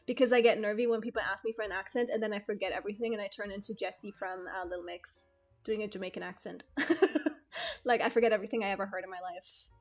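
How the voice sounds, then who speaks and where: A woman's voice: mid-range voice, steady tone, fast talker, faint music behind. Chatty young woman streamer, swears freely. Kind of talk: casual chat.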